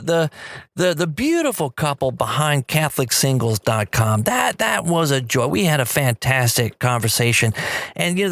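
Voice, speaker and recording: A man's voice: mid-range voice, fairly bright tone, no room sound. A middle-aged man hosting his own show, telling stories in a chatty, enthusiastic way with lots of restarts and repeated words. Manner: enthusiastic storyteller. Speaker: podcast host. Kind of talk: casual solo talk show.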